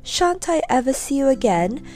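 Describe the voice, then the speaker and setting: Woman reading as a small anxious colt, high and pleading, lively lilt, storybook voice. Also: normal speed. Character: timid young male pony foal.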